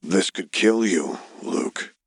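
Male reader as a weary uncle, deep husky voice, tired and grieving. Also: lively intonation, takes it slowly, no room sound, clean studio sound, exaggerated voice. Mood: weary, resigned.

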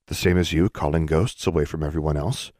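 A man voicing a guarded teenage necromancer girl who speaks quietly and grudgingly in an audiobook. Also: rumbling low, steady tone, a little fast, no room sound, studio quality. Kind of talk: audiobook character voice.

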